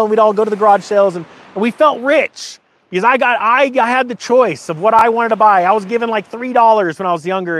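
Man, high voice, casual talk to viewers, animated storytelling, asks the audience questions. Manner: animated storytelling, rises in pitch for quoted lines. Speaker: host.

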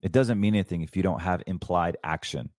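Man, deep-ish voice, fervent and preachy, rambling host, dry close sound. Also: a little fast, darkish tone, no room sound. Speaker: show host. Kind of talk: casual financial commentary.

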